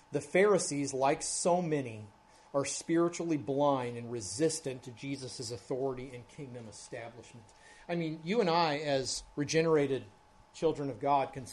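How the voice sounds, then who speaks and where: A male pastor preaching an expository sermon. He is earnest, drops to hushed tones, then swells to loud emphasis, and often checks in with the congregation. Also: mid-range voice. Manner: earnest, swings from hushed to loud emphasis, keeps asking "right?".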